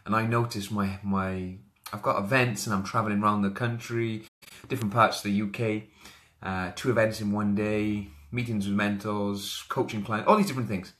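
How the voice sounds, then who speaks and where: A man's voice: fairly low pitch, steady tone, normal speed, a bit bright. A man, talking energetically in a live video as a motivational coach and greeting viewers by name. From Wales. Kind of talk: live social media video.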